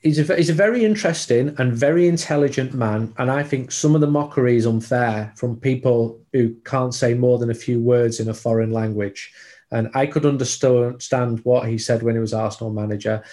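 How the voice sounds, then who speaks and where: A man's voice: medium pitch, dark tone. Chatty football journalist man. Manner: chatty, digressive, frequent restarts. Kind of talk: casual podcast commentary.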